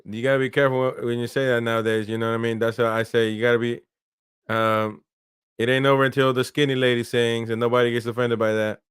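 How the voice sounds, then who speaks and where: A man's voice: mid-range voice, flat delivery, fast talker, fairly bright tone, clean tone, no room sound, studio quality. A man hosting a live football watchalong, calling the play casually and answering viewers' chat. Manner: casual play-by-play, talks to viewers, laughs often. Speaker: watchalong host. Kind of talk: live match commentary and chat reading.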